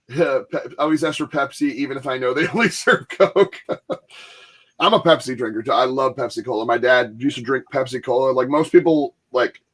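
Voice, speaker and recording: Laughing man in casual chat. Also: medium pitch. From Michigan, US. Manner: rambling, laughing, acts out quoted voices. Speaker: podcast host.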